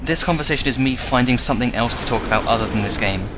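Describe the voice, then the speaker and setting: A man's voice: medium pitch, quick pace, over music. Ranting man streaming a game. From Britain. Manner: ranting, frustrated, swears often. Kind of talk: live gameplay commentary.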